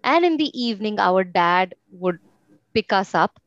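A woman's voice: medium pitch, expressive, a little slow, no room sound. A young woman from India, a guest in an interview, telling her story reflectively with frequent fillers. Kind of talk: casual conversational interview. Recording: slightly muffled, dry sound.

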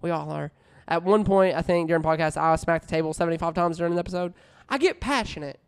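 A man's voice: a little high, fast talker, smooth. A man co-hosting a podcast, trading crude jokes in casual banter. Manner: crude, joking, often breaks into laughter. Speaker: podcast co-host.

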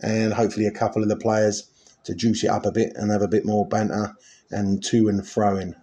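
Mellow-voiced podcast host. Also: male voice, fairly low pitch, level tone, a little fast. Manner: rambling, many ums and uhs. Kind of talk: casual podcast chat.

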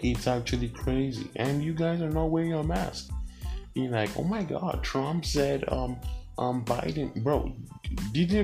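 A man's voice: medium pitch, dark tone. Brief: young guy, profane rambling rant, medium voice. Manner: heated, profane, slangy, rambling. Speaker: vlogger.

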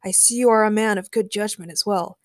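A woman's voice: mid-range voice, brisk, no echo, clean studio sound, lightly acted. A woman voicing a refined male vampire host who speaks courteously and formally. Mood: courtly.

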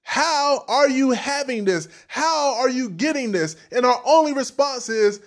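A man with a high voice and delivers a sermon with big swings in volume and emphasis. He drops to near-whispers for asides, then punches key lines hard. He also acts out other people's voices as he preaches. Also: unhurried, hardly any pauses. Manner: animated preaching, dramatic swings between soft and loud.

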